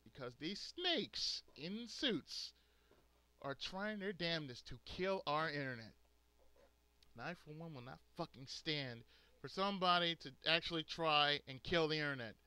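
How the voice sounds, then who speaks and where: A man's voice: fairly high pitch, moderate pace, bright, forceful tone, clear, resonant tone, no room sound. A man hosting a gaming channel, ranting angrily and profanely to his subscribers, stressing words hard. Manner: angry, profane, emphatic ranting. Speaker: gaming video host. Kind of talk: angry rant to subscribers.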